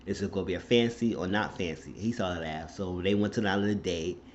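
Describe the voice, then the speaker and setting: A man's voice: deep voice, a little fast, muffled recording, a little hiss or hum. A man recapping a TV episode in a casual, outspoken and profane way, getting openly indignant. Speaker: recap vlogger.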